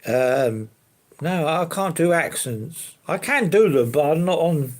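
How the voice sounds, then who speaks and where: A man's voice: a little high, lively intonation, slow. A man chatting casually on a live stream, answering viewers in an easygoing, rambling way. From London. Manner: easygoing, rambling, fillers and hedges like to be honest.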